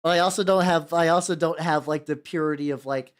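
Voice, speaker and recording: A man's voice: a little high, fairly even intonation, fairly quick, few pauses. Young American man, casual painting-stream host, rambly, stammering restarts. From United States. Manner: rambling, stammers and repeats words, laughs often, jumps between topics.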